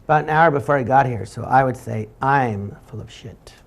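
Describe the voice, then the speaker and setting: A man with a gravelly, fry-laden voice tells a comic story as a game-show guest. He rambles, halts and restarts, and his pitch sits in a middling range. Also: background noise. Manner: rambling, halting anecdote with frequent restarts. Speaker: guest comedian.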